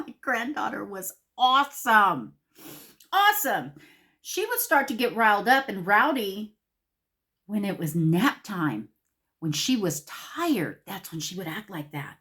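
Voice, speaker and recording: A woman's voice: medium pitch, very animated, a little slow, pauses often, fairly bright tone. A middle-aged woman telling a rambling, conversational story to camera in a casual vlog. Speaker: beauty vlogger.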